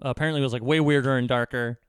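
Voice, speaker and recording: A man's voice: mid-range voice, fairly even intonation, racing, clear, resonant tone, no echo, studio quality. A man co-hosting a podcast, chatting casually and wryly about films. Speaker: podcast co-host. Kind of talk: casual film review chat.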